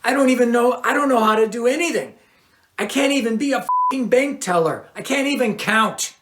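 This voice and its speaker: A whiny, panicky thirty-year-old rock lyricist, put on by a man reading a story aloud, his voice pushed up high and tumbling over itself. The storybook reading has a roomy echo around it. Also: brisk, a bit bright. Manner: panicky, rambling, higher pitched.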